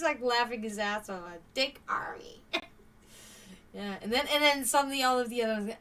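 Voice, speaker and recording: A woman's voice: on the high side, expressive, normal speed, bright, forceful tone. A tired woman chatting casually with her live-stream viewers, giggling often and swearing freely. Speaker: live streamer reading chat. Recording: distant mic with faint background noise.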